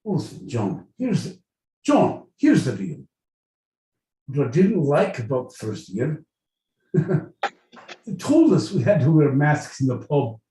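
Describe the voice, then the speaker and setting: A man hams up a pompous gentleman in a mock British accent, swooping up high on grand declarations and dropping low again. The words come slow and stately. The voice rings in an echoey room, away from the mic. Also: sing-song, far from the mic. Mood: indignant. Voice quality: grand, swooping exaggerated delivery.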